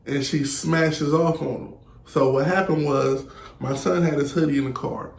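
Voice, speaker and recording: Gravelly-voiced man telling a blunt story. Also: fairly high pitch, steady tone, slow pace. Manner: blunt, profane storytelling, quoting others. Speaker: podcast guest. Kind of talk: casual podcast chat. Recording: echoey room with faint hiss.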